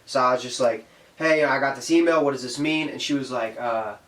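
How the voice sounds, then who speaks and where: A man in casual podcast chat, telling an animated story. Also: medium pitch, a little fast, recorded from a distance. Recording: echoey room, off-mic.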